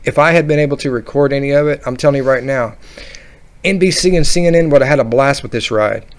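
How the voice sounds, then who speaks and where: A man telling a funny roller coaster story in a casual, rambling, animated way. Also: medium pitch, fast talker, smooth. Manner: rambling, animated, laughing at his own story. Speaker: vlogger.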